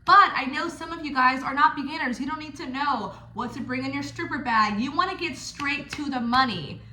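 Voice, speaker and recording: A woman's voice: high voice, fairly quick, pushed and bright, a little hiss or hum. A young woman giving casual, blunt and playful advice to other dancers, swearing freely. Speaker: stripper coaching other dancers. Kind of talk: casual direct-to-camera advice. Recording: echoey room.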